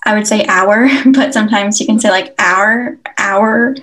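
A woman's voice: mid-range voice, a little fast, rough recording. A woman co-hosting a casual poetry podcast, chatty with many fillers and easy laughs. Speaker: podcast co-host. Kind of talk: casual chat about poetry.

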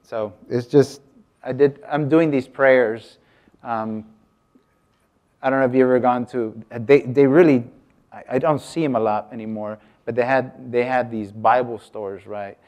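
Muffled in the recording, a medium-pitched, darkish voice moves a little slowly as a man from the United States gives a casual artist talk. He chats freely, stops himself mid-sentence, and asks questions of the room.

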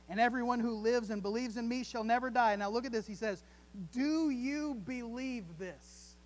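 A male pastor preaching a sermon, reading scripture aloud, with dramatic rises and soft drops. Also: high-pitched. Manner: reads scripture aloud and repeats words.

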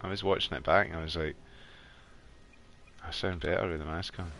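A Scottish man chatting casually with viewers while streaming a game from his warm bedroom, laughing often. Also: low-pitched, fairly even intonation, brisk, vocal fry, slight background noise. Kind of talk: casual live gameplay chat.

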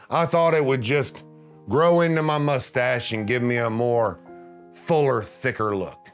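A middle-aged man narrating scripted comedy with gruff, deadpan macho pronouncements. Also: mid-range voice.

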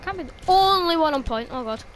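Animated high-voiced woman gaming. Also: fairly quick, a little hiss or hum. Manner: exclaims and swears at the game, grumbles about lag. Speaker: gaming video creator. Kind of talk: live gameplay commentary.

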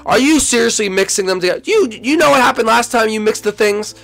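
A young man hosting a Minecraft role-play, excitable and swinging from loud shouts to mumbled asides. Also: high voice, fast, creaky, soft background music. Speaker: YouTube host and role-player.

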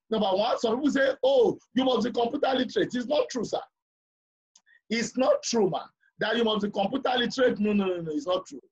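Man, high husky voice, emphatic class lecturer who keeps checking understanding; muffled lo-fi sound. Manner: emphatic, repeats points, asks the class questions.

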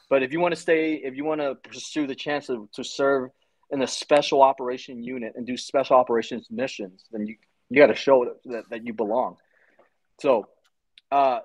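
A man's voice: medium pitch, no echo, poor audio. A man in his forties, a former Army Ranger, telling his story in a casual interview, blunt and swearing freely. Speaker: podcast guest, Army Ranger veteran.

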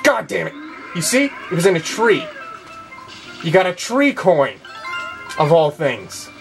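A man's voice: on the high side, sing-song, unhurried. A man giving sarcastic, profanity-laced commentary while playing a video game. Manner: sarcastic, swears often. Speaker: let's play gamer. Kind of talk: gameplay commentary. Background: video game music.

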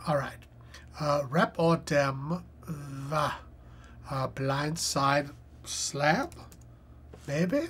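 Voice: mid-range voice, a bit bright, husky. A live-stream host chatting casually and reading puzzle clues aloud as they think, with lots of fillers. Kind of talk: casual live-stream commentary while solving a crossword.

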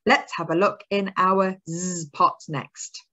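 A woman leads a phonics lesson for small children, stretching each word out slowly. Her voice sits a little low for a woman and lifts into a lively, encouraging sing-song. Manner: slow, sing-song, encouraging teacher talk with drawn-out words. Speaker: early years teacher.

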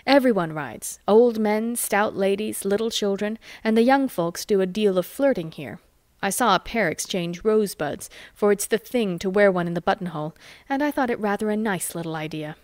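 A woman reading a novel chapter aloud with lively, expressive storytelling. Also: medium pitch, no room sound, clean studio sound. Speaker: audiobook reader.

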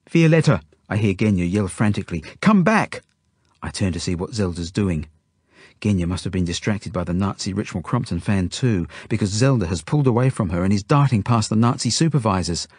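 A man narrates a children's novel in the first person, steady and intimate. His voice is low with a slight husk. The recording is dry and close. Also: a little fast, breathy edge, no echo. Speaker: audiobook narrator.

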